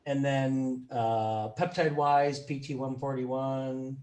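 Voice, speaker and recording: A man hosting an interview, talking in a relaxed, chatty way and laughing often. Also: mid-range voice, slow pace, a little hiss or hum. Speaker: podcast host. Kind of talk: casual interview chat.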